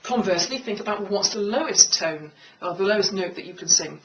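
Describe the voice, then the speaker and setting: A woman speaking coach giving a clear, measured talk on confident speaking, in a room with a piano. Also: a bit bright, recorded from a distance, slight background noise, poor audio. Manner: clear, measured, demonstrates pitch by singing. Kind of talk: instructional talk to camera.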